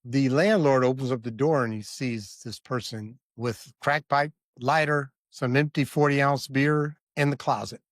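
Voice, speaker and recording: A man's voice: medium pitch, fairly even intonation, measured pace, hardly any pauses, no room sound. A man guesting on a podcast, telling a hard personal story in a candid, vivid way and often stopping to check the listener.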